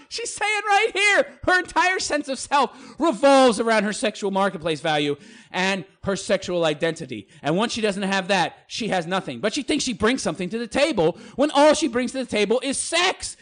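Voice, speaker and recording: Male commentator, high lively voice, crude, mocking, swears a lot. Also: a little fast. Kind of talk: ranting reaction commentary.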